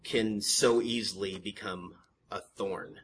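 A man pastor preaching a sermon to his congregation, moving from calm teaching to impassioned, emphatic questioning, with joking asides to the congregation. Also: fairly low pitch, slow pace, slight background noise. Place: church sanctuary with a congregation.

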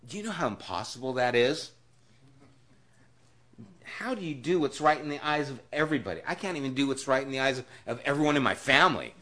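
A man's voice: animated, brisk. Man preaching in a conversational sermon. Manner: storytelling, swinging from hushed and low to loud and emphatic. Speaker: pastor. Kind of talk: conversational Bible-study sermon.

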